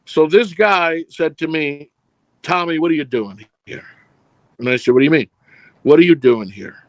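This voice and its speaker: In a relaxed storytelling interview, a middle-aged man who produces films rambles through lengthy anecdotes and acts out the lines. His voice is mid-range, and the recording is dry.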